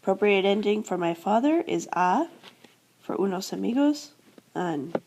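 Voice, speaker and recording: A Spanish teacher from the United States speaks at normal speed in a mid-range, darkish voice with lively intonation, and there's slight background noise. She leads a classroom-style grammar lesson, explaining each step, repeating verb endings and answering questions she raises herself.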